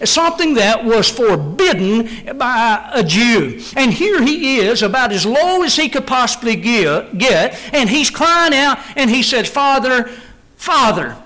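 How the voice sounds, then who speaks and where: A man's voice: very high voice, big pitch swings, measured pace, few pauses, sharp tone, rough recording. A middle-aged man preaching a sermon in an earnest, emphatic way, repeating phrases for stress.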